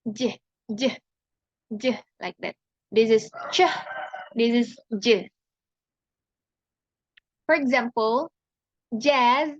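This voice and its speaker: A young woman from Indonesia giving a class presentation on pronunciation, speaking haltingly and repeating each sound and example word. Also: fairly high pitch, a bit bright, no room sound, dull audio. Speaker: student presenter.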